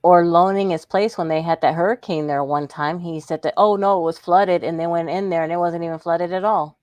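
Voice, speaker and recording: Lower-voiced woman chatting on a podcast, agreeable, dry close mic. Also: steady tone, darkish tone, dry recording. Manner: chatty, agreeable, quick to laugh. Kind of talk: casual chat.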